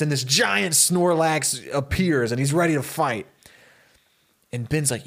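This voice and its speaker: Animated man spinning a story. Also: mid-range voice. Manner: animated, acts out characters' lines in quick bursts. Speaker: podcast co-host pitching a story. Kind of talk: casual podcast storytelling.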